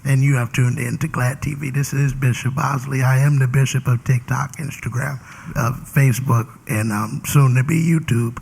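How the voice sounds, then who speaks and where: A man's voice: mid-range voice, fairly even intonation, moderate pace, creaky, a little mellow, slight background noise. A man hosting a casual interview show as a bishop, talking in a playful, preachy way. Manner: playful, preachy, Southern Black church vernacular. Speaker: talk show host and bishop.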